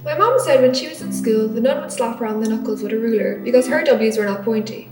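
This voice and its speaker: A woman with an Irish accent performs spoken word live, her delivery measured, rhythmic and theatrical. Her voice sits a little high but mellow and dark in tone. She is heard from across an echoey gallery with faint music behind. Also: distant mic. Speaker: performance artist. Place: art gallery.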